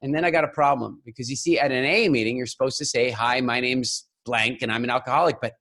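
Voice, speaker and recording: A man giving a keynote talk as a public speaking coach, telling a funny story in an animated way and acting out the voices of people in it. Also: medium pitch, fast talker. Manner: animated, acts out voices and laughs through his story.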